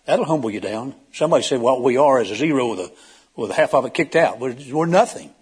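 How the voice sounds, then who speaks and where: A man preaching a sermon in a husky, slightly rough voice at an ordinary pitch. He talks in a folksy, conversational way, tells a joke, and asks the congregation questions. He swings from loud emphatic peaks to low, quiet asides. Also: expressive, fast.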